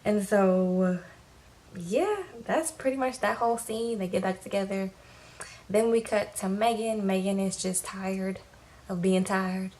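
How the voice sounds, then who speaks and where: A woman giving a casual, animated recap of a TV episode, talking in slangy, lively fashion. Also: mid-range voice, a little slow, rough recording. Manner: animated, slangy, acts out quotes. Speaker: TV recap vlogger. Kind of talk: casual recap with acted quotes.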